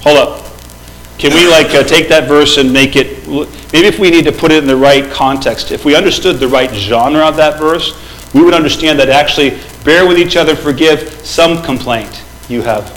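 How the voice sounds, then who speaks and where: A man's voice: on the high side, normal speed, a bit bright, poor audio. Conversational middle-aged man preaching a sermon. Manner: conversational, asks the congregation questions. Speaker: pastor. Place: church. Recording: faint background noise.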